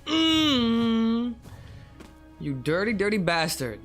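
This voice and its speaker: A young man streaming a video game, ranting and swearing in exasperation, swinging from low mutters to high yelps. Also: lively intonation, moderate pace, fairly bright tone. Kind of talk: live gameplay commentary. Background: game music.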